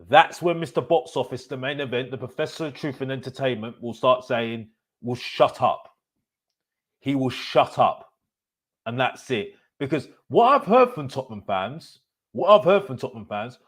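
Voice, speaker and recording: A man hosting a live football fan stream, ranting in an animated, repetitive, emphatic way. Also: medium pitch. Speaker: host of a football fan channel. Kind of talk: live-stream opinion rant.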